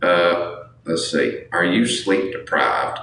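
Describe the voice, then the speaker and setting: A raspy-voiced man in his thirties chatting casually on a livestream, reading viewer comments aloud and answering with boastful jokes. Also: low-pitched, slow pace, pushed and bright. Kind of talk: casual live chat. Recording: echoey room, mic at a distance, faint noise.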